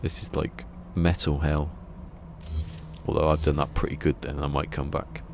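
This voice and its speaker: A man's voice: rumbling low, level tone, normal speed, gravelly, background noise. A man streaming a game, chatting casually and rambling through a story with chuckles. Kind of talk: casual live-stream chat.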